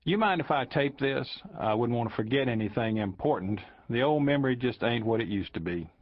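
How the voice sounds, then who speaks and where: A man's voice: medium pitch, animated, lo-fi sound. A man doing a sly old Southern sheriff drawl. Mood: folksy sly. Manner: folksy, slow-witted act, sly. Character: shrewd old Southern small-town sheriff, feigning dumbness.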